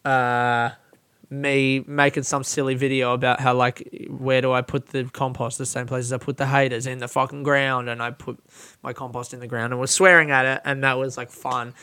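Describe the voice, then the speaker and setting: A man hosting a solo podcast, ranting with lots of swearing and self-mockery, swinging from low mumbles to loud yelling. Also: flat delivery, moderate pace, smooth. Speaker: podcast host.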